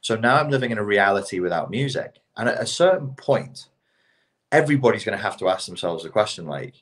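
A middle-aged British man chats on a podcast in a very deep voice. He builds into animated rants, peppered with casual swearing. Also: fairly quick. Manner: animated, ranting, swears freely. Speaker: podcast co-host.

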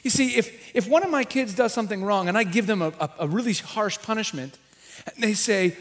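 A man, a rabbi, preaching a sermon in a church, teaching with animated emphasis and acting out quoted voices. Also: high-pitched, fairly quick.

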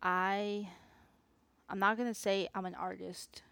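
A woman's voice: medium pitch, level tone, slow, vocal fry, fairly bright tone, smooth, no echo. Chatty woman rambling on her podcast. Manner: rambling, self-aware, chatty with frequent asides. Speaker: podcast host. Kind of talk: unscripted solo podcast chat.

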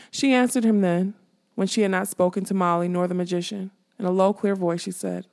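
Brief: female fantasy audiobook narrator, even and steady, slight vocal fry. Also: medium pitch, brisk. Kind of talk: scripted narration.

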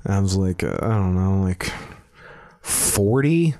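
Telling a long story on a podcast, a comedian rambles with profanity, stammered restarts and laughs between phrases. He has a deep, warm voice with little pitch movement, speaking fairly quickly.

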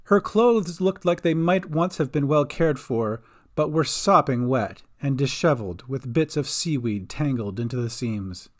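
A man giving scripted narration of a fantasy audio story, expressive and doing all the voices himself. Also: mid-range voice, a little slow.

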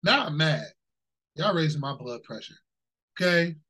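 This podcast co-host from Ohio, USA, rants animatedly in casual chat, laughing often and swearing freely. He speaks at a normal speed in a fairly high, slightly rough voice, and the recording quality is low.

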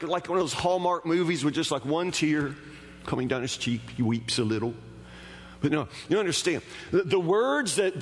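Male pastor, sermon delivery, talky and emphatic with stammered restarts; high voice, long church reverb. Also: fairly bright tone.

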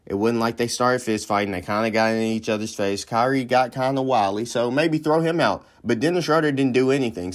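A man hosting a podcast in casual comedic commentary, joking and rambling with slangy asides. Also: medium pitch. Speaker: podcast host.

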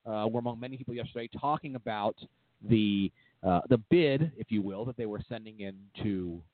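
A man's voice: lowish voice, brisk, no echo. A man hosting a casual political talk radio show, rambling and wry with lots of fillers. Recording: dry, tinny phone-like sound.

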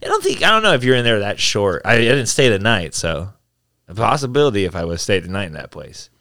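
A man talking in a casual chat, animated and profane as he tells stories. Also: lowish voice, quick pace, no room sound, clean studio sound.

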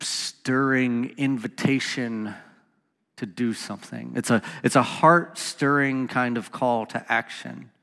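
A man's voice: mid-range voice, fairly bright tone, big-room sound. A man hosting a reflective Bible study talk, reading scripture passages aloud in an earnest voice with casual asides. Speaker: podcast host teaching on scripture.

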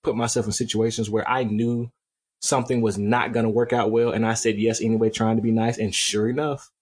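A young man co-hosting a podcast, talking candidly in a measured way with frequent restarts. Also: fairly low pitch, flat delivery, slightly rough. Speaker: podcast co-host. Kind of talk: casual chat.

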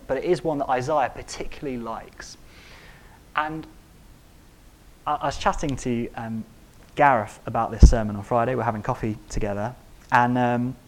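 A man delivers a sermon in an emphatic style. He stresses key phrases by repeating them and climbs to loud peaks on important words. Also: medium pitch. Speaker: preacher.

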